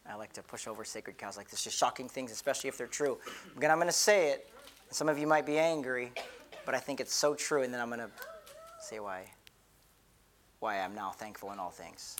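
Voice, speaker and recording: A middle-aged man, a pastor, giving an earnest, conversational sermon with many repeated restarts. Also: on the high side.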